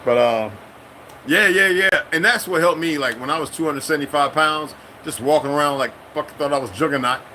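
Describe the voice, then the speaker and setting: A middle-aged military veteran talking in a casual, rambling monologue, profane and streetwise, breaking into sudden high-pitched bursts. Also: male voice, fairly quick, bright, forceful tone, slight background noise, poor audio.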